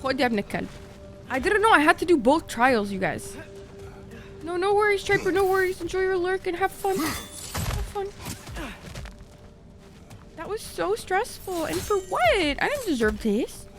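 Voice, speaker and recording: A woman's voice: very high voice, animated, moderate pace, long pauses, music in the background. A young woman streaming a game live, stressed, swearing and chatting with her viewers. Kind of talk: live gameplay commentary.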